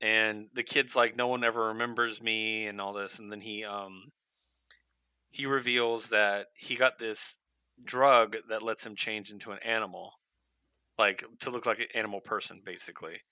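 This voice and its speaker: On a comics podcast, a man retells a comic in casual chat, animatedly acting out character lines in little voices and laughing. His lowish voice is smooth at normal speed, with a very bright, cutting tone. The recording is dry and close with no room sound, but the audio quality is poor.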